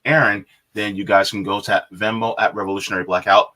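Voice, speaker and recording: A man's voice: on the low side, little pitch movement, quick pace, bright, forceful tone. A man co-hosting a live stream, greeting viewers and reading chat messages aloud with frequent laughs.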